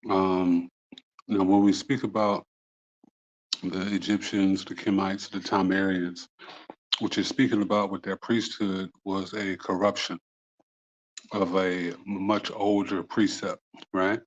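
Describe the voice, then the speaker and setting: A man's voice: low-pitched, little pitch movement, slow, long pauses, highs cut off. A man speaking as a panelist over a video call, conversational, with frequent "you know" and restarts. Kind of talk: casual panel discussion.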